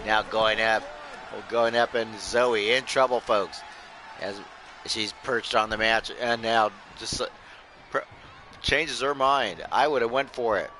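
A man's voice: lowish voice, fairly even intonation, measured pace, sharp tone, slight background noise. Man calling game wrestling play-by-play. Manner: loose play-by-play, often addressing "folks", joking asides. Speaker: host and play-by-play commentator. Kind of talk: live-streamed video game wrestling commentary.

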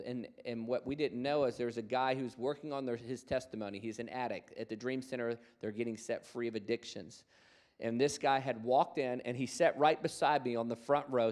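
Animated preaching man. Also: medium pitch. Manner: animated storytelling, acts out quoted voices; calls for congregation responses. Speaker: guest preacher. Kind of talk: sermon.

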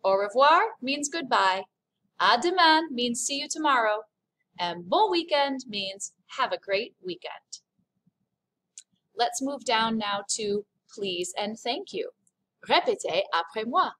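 A woman's voice: on the high side, animated, takes it slowly, fairly bright tone, slight background noise. Cheerful woman teaching a remote class. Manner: upbeat, over-enunciated French demonstrations. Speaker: French teacher. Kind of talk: recorded remote lesson.

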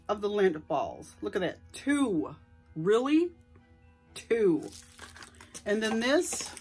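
A middle-aged woman, chatting casually to viewers at home as she shows off her shopping haul. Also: mid-range voice. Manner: chatty and enthusiastic, addresses viewers directly. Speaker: vlogger showing a shopping haul. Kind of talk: casual haul vlog chat. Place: at home indoors.

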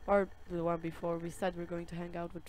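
A woman playing a game on camera, reading its chat messages aloud in a slow, drawn-out way and reacting with soft sympathy. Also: lowish voice, level tone, a little hiss or hum. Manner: reads dialogue slowly, with soft sympathetic reactions. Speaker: gaming video creator. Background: loud game music and keyboard typing.

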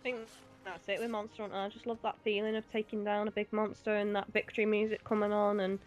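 A woman's voice: mid-range voice, little pitch movement, fast, muffled recording, faint music behind. A young British woman chatting casually while playing a co-op game, talkative and giggly. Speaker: co-op gaming guest. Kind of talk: casual co-op gameplay chat.

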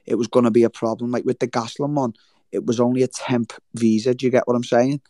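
Male guest, warm low tone, animated and profane, dry close sound. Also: quick pace, no echo. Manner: swears freely, animated storytelling with quoted voices. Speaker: guest fighter. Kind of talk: casual interview chat. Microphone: remote livestream call.

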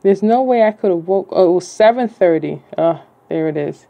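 A woman reading her own novel aloud in a casual, halting way, stopping to correct herself when she stumbles. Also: lowish voice, expressive, gravelly, warm tone, dull audio.

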